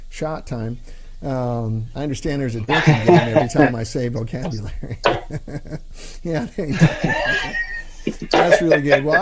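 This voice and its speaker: Chatty rambling male stream host. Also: mid-range voice. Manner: rambling, joking, frequent fillers. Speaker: livestream host. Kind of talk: casual chat.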